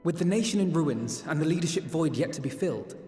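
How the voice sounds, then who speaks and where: A man's voice: a little high, animated, mellow, roomy sound, in a large hall, faint music behind, natural voice. Alphinaud: a man voicing a formal young scholar. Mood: earnest. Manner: formal, measured, old-fashioned phrasing. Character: earnest young male scholar diplomat, formal and composed.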